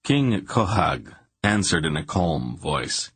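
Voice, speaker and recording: Brief: male fantasy audiobook narrator, low husky voice, steady expressive reading. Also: moderate pace, no echo.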